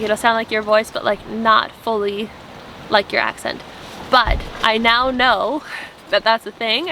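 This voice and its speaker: A woman's voice: a little high, bright, forceful tone. Young woman vlogger, earnest and meandering, faint outdoor noise behind her. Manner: earnest, rambling, many "like" fillers. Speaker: vlogger and app founder. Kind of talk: casual spiritual vlog chat. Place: tent at a campsite.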